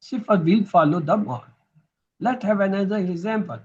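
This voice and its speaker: A man's voice: sits high, moderate pace, a little mellow, husky, highs cut off. A man teaching grammar in a recorded lesson, patiently repeating each term so students can drill it.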